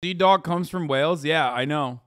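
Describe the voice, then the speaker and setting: Male streamer rambling and swearing, kinda high voice. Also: moderate pace, fairly bright tone, no echo, clean studio sound. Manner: profane, joking, rambling. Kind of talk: casual reaction commentary.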